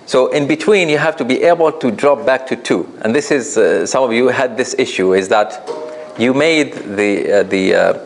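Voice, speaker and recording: A man teaching a recitation class, patiently explaining rules, asking his students questions and demonstrating with drawn-out chanted examples. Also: mid-range voice, faint music behind, low-quality recording. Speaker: tajweed teacher.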